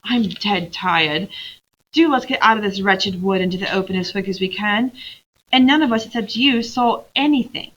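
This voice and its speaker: A woman voicing a tired, gentle older girl who speaks apologetically. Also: medium pitch, normal speed, dull audio, lightly acted. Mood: weary. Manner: apologetic and weary.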